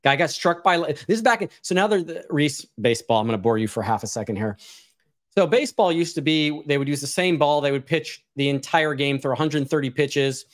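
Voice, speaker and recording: A man's voice: on the high side, expressive, a little fast, no room sound, studio quality. A man co-hosting a casual chat, telling rambling stories and laughing often. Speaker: co-host.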